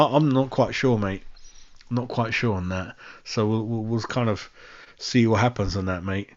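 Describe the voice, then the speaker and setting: A man's voice: medium pitch, darkish tone. Man, casual rambling stream chat, slightly dull lo-fi sound. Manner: chatty, rambling, says mate constantly. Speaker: fan channel host.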